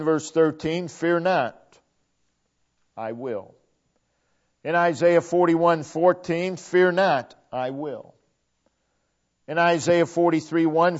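A man preaching a sermon, slow and deliberate, repeating phrases for emphasis. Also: on the high side. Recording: dull lo-fi recording.

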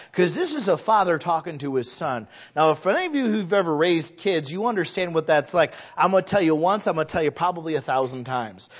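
A middle-aged male pastor preaching a sermon in a church, talking conversationally and building to loud exhortation. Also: fairly high pitch, husky. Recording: dull lo-fi recording.

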